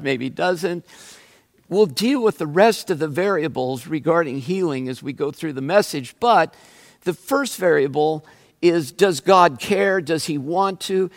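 Slow-preaching man in an echoing hall. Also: fairly high pitch. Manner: slow, emphatic preaching with rising questions. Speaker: pastor. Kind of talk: sermon. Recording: long reverb of a large hall.

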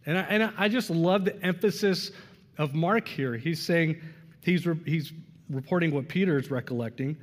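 A man preaching a sermon in an earnest way, moving from strong emphasis to hushed, quiet lines. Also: on the high side, moderate pace. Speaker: pastor. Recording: long reverb of a large room.

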